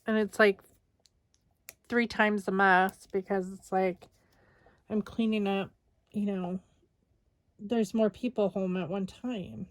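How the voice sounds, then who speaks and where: An exhausted woman chatting casually while she crafts, rambling with lots of fillers. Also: mid-range voice. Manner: rambling, tired, many fillers. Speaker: scrapbooking vlogger.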